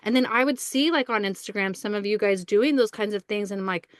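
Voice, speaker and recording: A woman's voice: mid-range voice, fairly quick, no room sound, clean studio sound. A woman guest on a podcast, speaking earnestly and thoughtfully in casual conversation, tending to ramble.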